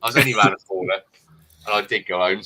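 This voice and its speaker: A man's voice: on the low side, racing, rough recording. A man with an English accent, co-hosting a casual livestream chat and telling stories animatedly. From England. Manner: animated storytelling with laughs. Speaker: livestream co-host.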